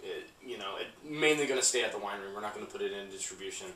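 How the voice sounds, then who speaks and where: A man who is a guest from a winery, chatting casually during a wine tasting, halting and full of restarts and fillers. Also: lowish voice, bright, forceful tone. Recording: roomy sound from a distant mic, faint ambient noise.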